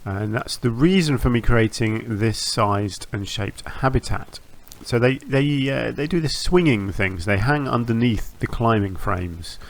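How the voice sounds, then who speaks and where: A man hosting a gaming channel, talking through a zoo-building game in a relaxed, rambling way, often restarting phrases and filling pauses with ums. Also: medium pitch. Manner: rambling, self-correcting, with frequent ums and restarts. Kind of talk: relaxed gameplay commentary.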